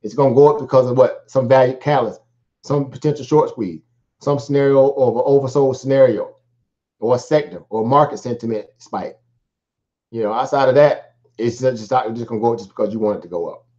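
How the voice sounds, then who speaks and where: A man's voice: mid-range voice, a little fast, dark tone, lo-fi sound. A man hosting a live stock market stream, talking casually in a rambling, slangy way with lots of fillers and repeats.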